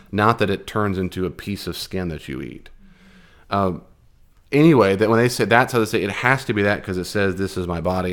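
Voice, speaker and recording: A man teaching a Bible class in a conversational, animated way, with fillers and restarts. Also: low voice.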